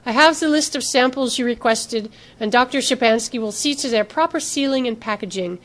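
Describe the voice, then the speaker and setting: A woman voicing a cool, controlling female research director with a put-on accent and a crisp, condescending manner. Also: fairly high pitch, fairly quick, natural voice. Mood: coolly formal.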